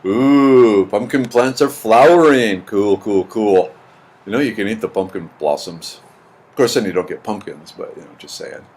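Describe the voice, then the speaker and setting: A fairly low, slightly mellow man's voice at a moderate pace belongs to a middle-aged livestream host. He reads viewer comments and answers them in a loose, rambling chat full of repeated words.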